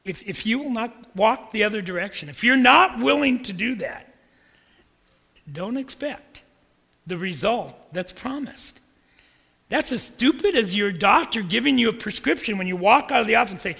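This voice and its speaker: A man preaching a sermon as pastor, emphatic and repetitive, building up to forceful peaks. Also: high-pitched, expressive, normal speed, creaky, breathy edge, big-room sound.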